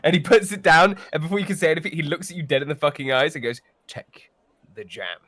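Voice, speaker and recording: A man narrating as game master of a tabletop role-playing game, playful and quick to slip into character voices. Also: on the high side, fairly bright tone.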